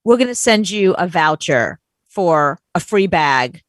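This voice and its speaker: A woman co-hosting a chat show, telling a story in an animated, exasperated way and acting out quotes. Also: on the low side, measured pace, dry recording. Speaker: podcast co-host.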